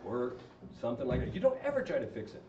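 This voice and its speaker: Talking casually with a group about marriage, this man keeps putting questions to his listeners. He speaks fast at a medium pitch, with huge swings in pitch and a darkish tone. A slight hiss or hum rides along, and the sound is dull and echoey, as if the mic were far away.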